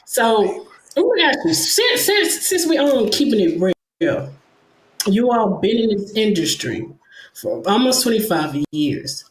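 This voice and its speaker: Animated male interview host, echoey room. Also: high-pitched. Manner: animated, emphatic, laughs easily. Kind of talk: casual interview chat.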